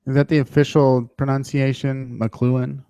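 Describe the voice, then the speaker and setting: Relaxed male podcast host, dry sound. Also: mid-range voice, moderate pace, no echo. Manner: loose and self-deprecating, with frequent "uh" fillers. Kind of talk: casual sports podcast chat.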